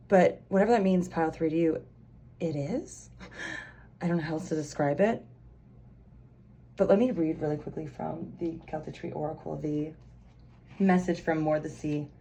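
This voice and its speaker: A woman's voice: sits low, vocal fry, a little mellow, slight background noise. A young woman giving a casual pick-a-card tarot reading, chatty and rambling, with lots of fillers and restarts. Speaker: tarot reader.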